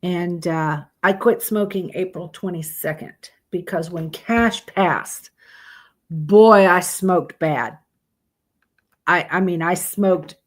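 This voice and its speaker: A woman, hosting a casual live stream, blunt and profane as she chats with her viewers. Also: lowish voice.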